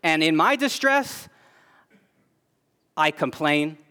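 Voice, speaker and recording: High-voiced male preacher, earnest. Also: sing-song, slow, clean tone. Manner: earnest, builds to emphatic peaks then drops soft and low. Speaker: pastor. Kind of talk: sermon.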